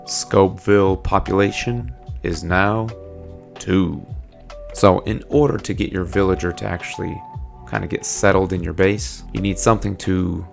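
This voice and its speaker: Deep guy with a super gravelly voice doing chill gameplay commentary, chats at the game characters, soft music behind. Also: steady tone, normal speed. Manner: chatty, talks to game characters. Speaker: let's play host. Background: faint background music.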